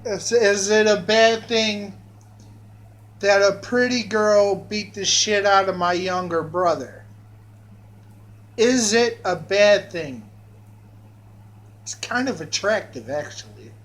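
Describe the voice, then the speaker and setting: A man's voice: sits high, slow pace, long pauses, fairly bright tone, low-quality recording. A man telling a crude personal story on a vlog, rambling and meandering with many fillers and restarts.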